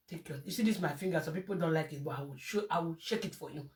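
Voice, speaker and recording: A woman's voice: low-pitched, fast, few pauses, a little mellow. A woman with a Nigerian accent, ranting and scolding in a heated video monologue. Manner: scolding, heated, mixes Pidgin and Yoruba phrases. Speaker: vlogger. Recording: distant from the mic.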